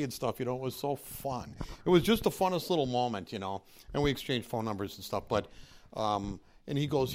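A middle-aged man shares a testimony with a church group, talking casually and rambling. His voice sits in a middle pitch, animated, with frequent restarts. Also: a little fast.

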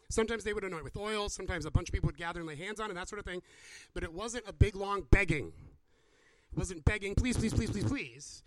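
A man preaching and answering questions, animated and acting out the people he quotes. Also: high voice, dry recording. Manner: animated, acts out quoted voices. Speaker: pastor. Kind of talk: sermon with Q&A.

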